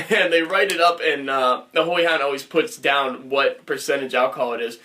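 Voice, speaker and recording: A man's voice: mid-range voice, fairly even intonation, moderate pace, pushed and bright. A young man casually telling a rambling story on a podcast, laughing as he goes. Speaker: podcast co-host.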